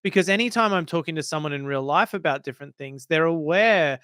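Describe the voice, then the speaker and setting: Crisp, higher-voiced man, dry close sound. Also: lively intonation, brisk, hardly any pauses, a bit bright, no room sound. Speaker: podcast co-host. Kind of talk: casual tech podcast chat.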